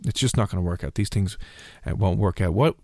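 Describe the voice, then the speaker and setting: A man's voice: low voice, fairly quick, dark tone, dry recording, clean studio sound. A young man hosting a radio show, chatting casually and teasing his co-host with jokes. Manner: teasing, jokey, puts on silly voices.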